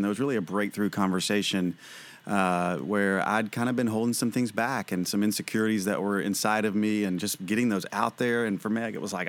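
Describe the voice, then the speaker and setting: A middle-aged man, a ministry president, answers interview questions in an earnest, rambling way, full of fillers and restarts. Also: fairly low pitch.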